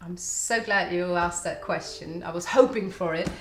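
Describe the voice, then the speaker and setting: A woman's voice: on the low side, normal speed, fairly bright tone. A woman from the Netherlands, telling history in a chatty, storytelling way as a distillery guide. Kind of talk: explaining history to visitors. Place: echoey distillery room. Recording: echoey room with faint background hum.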